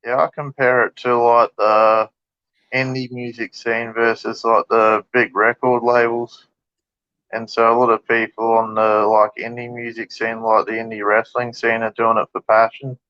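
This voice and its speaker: A man's voice: medium pitch, little pitch movement, normal speed, pushed and bright, no room sound. A man hosting a casual interview, asking easygoing questions with hesitant fillers. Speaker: interview host. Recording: dull, dry lo-fi sound.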